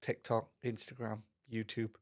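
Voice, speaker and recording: Here the same kind of easygoing podcast co-host, a middle-aged man, keeps things friendly and relaxed, with "mate" popping up often. His pitch sits fairly low, and he talks at a normal speed without much inflection.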